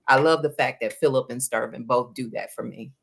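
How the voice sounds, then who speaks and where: A woman endurance runner, guesting on an interview show, has an extremely low, slightly rough voice and a brisk delivery. She talks casually and animatedly about working with her running coach, acting out quoted conversations.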